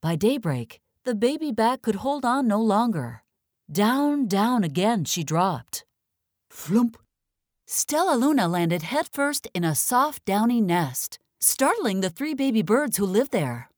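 Expressive woman reading a children's storybook. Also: on the high side, no echo, studio quality. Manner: expressive, slows down for dramatic moments. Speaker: narrator.

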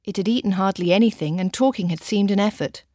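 Brief: expressive female audiobook narrator, mid pitch, very dry recording. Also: fast talker, dry recording. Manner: lively, expressive reading. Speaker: audiobook reader.

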